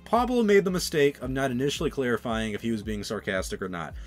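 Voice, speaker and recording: A man's voice: medium pitch, animated, quick pace, soft background music. A young man hosting his own channel, giving an exasperated, ranting opinion commentary with sarcastic asides. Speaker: channel host.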